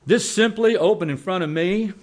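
A man's voice: sits high, normal speed. Folksy man preaching a sermon. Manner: folksy storytelling, swinging between loud and quiet.

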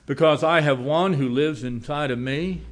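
In a slightly high voice, this man delivers a sermon built around a homespun story told folksily. His delivery shifts from quick and loud to quiet and slow.

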